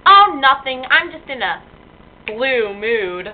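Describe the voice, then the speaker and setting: A woman's voice: sits high, big pitch swings, slow, slight background noise. A young woman chatting casually and playfully over a tinny phone line. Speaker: listener. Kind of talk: casual chat.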